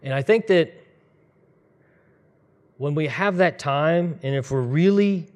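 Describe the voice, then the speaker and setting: A man's voice: on the high side, takes it slowly, a little mellow. A man preaching a sermon in a conversational, storytelling way, speeding up in bursts. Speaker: pastor.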